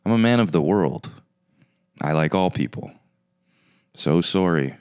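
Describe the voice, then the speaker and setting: Low, smooth-voiced sarcastic male host. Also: animated, measured pace, darkish tone, no room sound, studio quality. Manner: sarcastic, mock-arrogant rambling. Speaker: podcast host. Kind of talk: casual comedic monologue.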